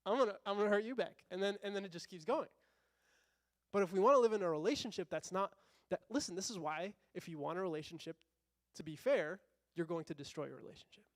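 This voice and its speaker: Talking fast in a fairly high voice, this pastor keeps his sermon casual and chatty, posing rhetorical questions and performing little quotes. It's recorded close and dry, with almost no echo from the room.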